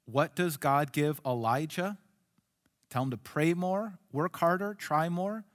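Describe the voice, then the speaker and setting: A male pastor preaching a sermon in an earnest way, dropping to soft, hushed lines and then rising to emphatic ones. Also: on the high side, unhurried, in a large hall.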